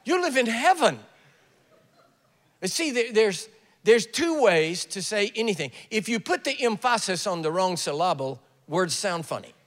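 Older man preaching; high, lively voice; tells stories; hall echo. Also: moderate pace. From US South. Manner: storytelling with acted quotes and joking asides. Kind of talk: sermon. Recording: echoey hall.

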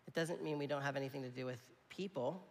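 A man's voice: medium pitch, fast talker. A man preaching a sermon in a conversational, emphatic way, often checking in with his listeners. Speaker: pastor. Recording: long hall reverb.

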